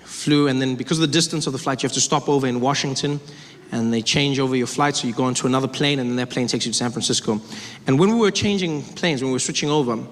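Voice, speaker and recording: This stand-up comedian, who has a South African accent, works a live theater crowd with animated energy, jumping sharply in pitch as he acts out other voices. Audience noise and big hall reverb fill the recording.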